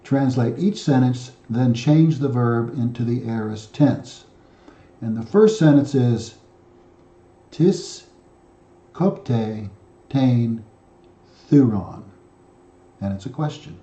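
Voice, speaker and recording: Male teacher, very dark mellow tone, methodical and repetitive delivery; roomy, slightly muffled recording. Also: mid-range voice, a little slow. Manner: methodical, repeats himself with frequent fillers and restarts. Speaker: Greek teacher. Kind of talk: explaining grammar exercises.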